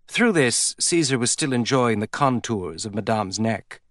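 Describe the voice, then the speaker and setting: Clean studio sound with no echo carries this man's low-leaning voice as he reads a scripted audiobook narration, telling the story at an even, measured pace.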